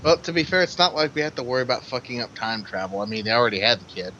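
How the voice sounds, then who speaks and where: A man playing a tabletop game and chatting casually in a lively, easygoing way. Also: mid-range voice, rapid-fire, lo-fi sound, background noise. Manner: lively, laughs easily. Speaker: player.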